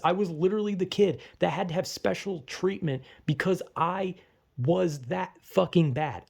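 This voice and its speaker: A man's voice: high voice, gravelly, darkish tone, breathy edge. A young man ranting casually and profanely, exasperated, often acting out the people he quotes. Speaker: vlogger. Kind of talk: casual rant.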